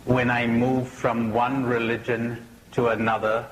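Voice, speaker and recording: A man giving a spiritual talk, asking slow reflective questions and telling jokes. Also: medium pitch, level tone, reverberant, in a large hall, rough recording. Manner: storytelling with jokes, laughs at own punchlines. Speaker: spiritual teacher. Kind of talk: recorded public talk. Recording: faint hiss, 1980s talk recording.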